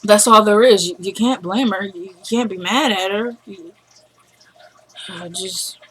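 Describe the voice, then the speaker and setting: A woman vlogger in a casual, animated recap of a TV drama, talking straight to her viewers and laughing often. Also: mid-range voice, a little slow, breathy edge, poor audio.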